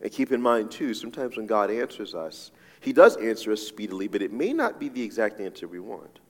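Pastor, male, lively conversational sermon delivery, pitch rising and falling a lot, long hall reverb. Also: a little fast. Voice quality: animated, conversational preaching with many asides and repeated "right?".

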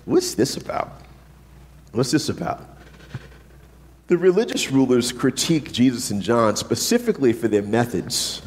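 A man preaching a sermon with lively, joking delivery, often asking "right?" and acting out the voices of the people he quotes. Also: medium pitch, normal speed, long pauses. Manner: animated, jokey preaching with frequent rhetorical "right?". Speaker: pastor. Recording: long reverb from a large hall.

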